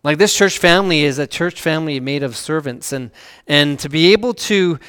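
A man preaching a sermon as pastor, earnest, swelling louder on key phrases and dropping to a hush on scripture. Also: fairly high pitch, normal speed, clear, resonant tone, big-room sound.

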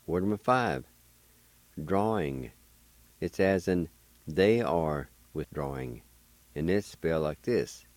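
A man's voice: low-pitched, slow, long pauses, a little mellow, no echo. A man teaching a language on a radio show, patiently spelling out words letter by letter and pronouncing them syllable by syllable. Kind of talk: slow spelling and pronunciation lesson. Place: radio studio.

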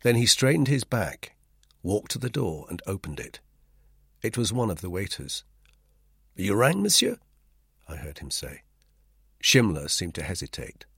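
A man narrating a first-person novel in a tense, lively way, recorded in a dry studio. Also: low voice, moderate pace, creaky, breathy edge, no echo. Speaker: audiobook narrator.

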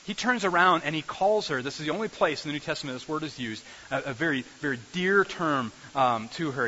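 A man preaching a sermon as a pastor, animated, repeating phrases and restarting sentences as he builds his points. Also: on the high side, fast, hardly any pauses. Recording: dull recording with faint hiss.

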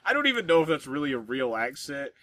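A man's voice: medium pitch, sing-song, fast talker, a bit bright. An American man co-hosting a podcast in casual chat, rambling with lots of "like" fillers. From United States. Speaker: podcast co-host.

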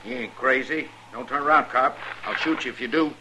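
An actor playing a wily prisoner with a sly drawl in a 1950s radio western. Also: male voice, mid-range voice, fairly quick, background noise, lightly acted.

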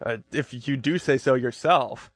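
A man's voice: mid-range voice, unhurried, no echo, studio quality, pitched below the performer's own voice, natural voice. A man reading a nervous male inventor who is wary of his creation, in a comic scene read-through. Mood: wry.

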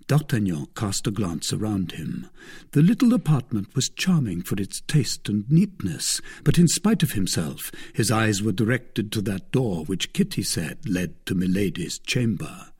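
A man narrating a classic novel as an audiobook, with an expressive, measured reading. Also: on the low side, husky.

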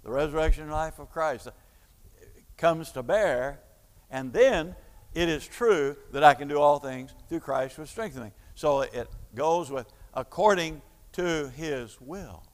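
A man's voice: on the high side, measured pace. Man preaching with a teacher's explanations in a hall. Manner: explanatory, teaching with examples, many fillers. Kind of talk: sermon. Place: church hall.

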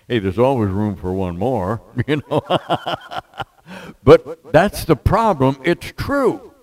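Older male pastor, unhurried folksy sermon delivery with jokes and scripture. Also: medium pitch, a little mellow, low-quality recording.

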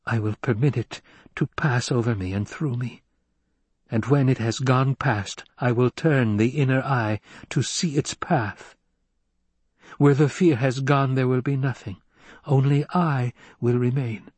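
A man's voice: mid-range voice, measured pace, a little mellow, husky, no room sound. A man voicing a wary, defiant young boy who speaks tensely under threat. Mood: calm.

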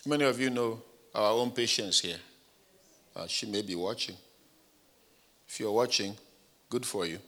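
A pastor preaching a sermon, telling stories with animated shifts of voice and acting out the people he quotes. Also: fairly low pitch, a little slow, pauses often.

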